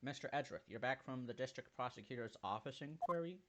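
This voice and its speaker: A man's voice: medium pitch, expressive, fast talker, lightly acted. A man reading an earnest young lawyer. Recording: loud game music behind.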